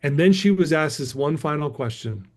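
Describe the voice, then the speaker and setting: A man's voice: on the high side, expressive, normal speed. A middle-aged man, a guest speaker, telling a motivational story emphatically and calling his listeners "guys".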